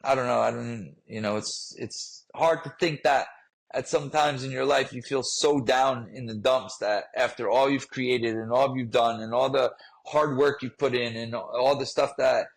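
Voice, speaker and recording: A man's voice: mid-range voice, fairly even intonation, normal speed, low-quality recording. A man telling a personal story in a podcast interview, earnest and emotional, often repeating himself. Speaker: guest, fitness trainer.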